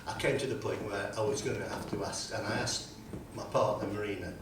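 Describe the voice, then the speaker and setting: A man, introducing his song on stage in a rambling, self-deprecating way with many halting fillers. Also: fairly low pitch, fairly even intonation, noisy background. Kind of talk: live stage storytelling between songs. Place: live music venue with audience. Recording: roomy live recording from a distant mic with guitar.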